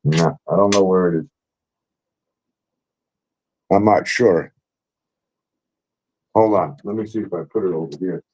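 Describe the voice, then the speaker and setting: A man's voice: sits low, measured pace, long pauses, a little mellow, slight background noise. A man hosting a casual talk show from home, telling a story with frequent laughs and loose swearing. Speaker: host. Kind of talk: casual chat.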